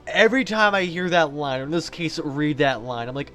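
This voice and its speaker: A man's voice: a little high, lively intonation, a little fast, fairly bright tone, soft background music. A man playing through a visual novel, reading the text aloud and adding casual, jokey asides, often tripping over his words. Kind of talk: game playthrough, reading and commenting.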